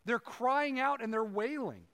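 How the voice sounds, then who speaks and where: High-voiced pastor in echoing hall. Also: male voice, lively intonation, measured pace, a bit bright. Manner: conversational, asides to the congregation. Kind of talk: sermon. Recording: long hall reverb.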